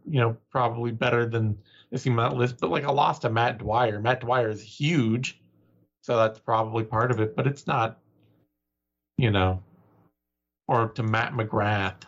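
A man co-hosting a podcast, breaking down fighters and odds analytically, with lots of fillers. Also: medium pitch. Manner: analytical, full of "you know" fillers. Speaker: podcast co-host. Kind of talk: casual fight-analysis chat. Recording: dull lo-fi sound.

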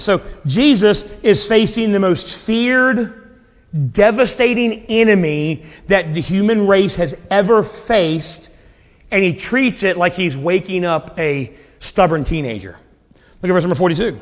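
A man preaching a sermon, retelling scripture with dramatic pauses and casual paraphrased dialogue. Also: high voice. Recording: long hall reverb.

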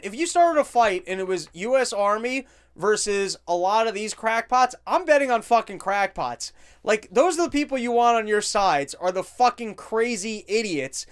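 A man's voice: sits high, lively intonation, moderate pace, clean tone. A man hosting a podcast, commenting on video clips in a crude, joking, rambling way. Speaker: podcast host.

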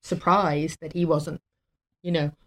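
Woman, lowish voice, casual storytelling, emotional, laughs between words. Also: fairly even intonation, a little slow. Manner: warm and emotional, laughs often, many fillers. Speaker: guest telling a story. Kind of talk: casual storytelling on a talk show.

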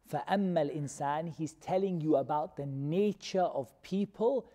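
A man teaching a Quran commentary class, who questions his students and repeats key terms slowly. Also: fairly high pitch, mellow. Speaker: religious teacher. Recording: long reverb of a hall.

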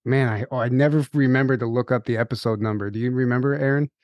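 A man's voice: medium pitch, fairly even intonation, fast talker, darkish tone, no echo. A man hosting a podcast, reading the promos and interviewing a guest in a casual, upbeat way with frequent fillers. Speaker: podcast host.

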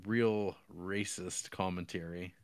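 A man with a somewhat low voice talks casually about a film on a podcast. He halts and restarts often and drops in wry jokes. The sound is dry and close to the mic. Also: fairly even intonation, takes it slowly, clean tone, no echo. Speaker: podcast co-host.

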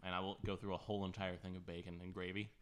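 A young man who is a guest on a casual chat show, giving laid-back, deadpan answers. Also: sits low, rapid-fire, smooth.

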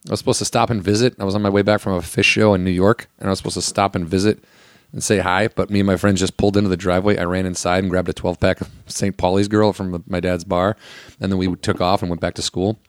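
Profane, animated storytelling man. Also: sits low, fast talker, no room sound, studio quality. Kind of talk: casual chat.

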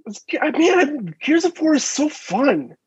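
High-voiced rambling man on a podcast. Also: very animated, a little slow, darkish tone, no echo, highs cut off. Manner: rambling, many fillers and restarts, swears casually. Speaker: podcast co-host. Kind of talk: casual chat.

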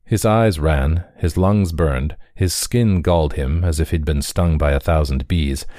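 Brief: measured male narrator, low voice, dry studio read. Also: mellow, no room sound. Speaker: reader. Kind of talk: audiobook narration.

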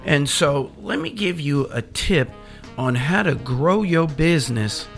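Gravelly man hosting a chatty radio show. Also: fairly high pitch, animated, unhurried, fairly bright tone, soft background music. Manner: chatty, anecdotal, playful, addresses listeners directly. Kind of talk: casual radio talk with storytelling.

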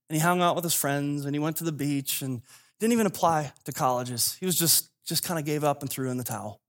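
A man's voice: a little high, fast talker. A man preaching a sermon, retelling a parable as a modern story with acted dialogue and casual asides. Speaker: pastor.

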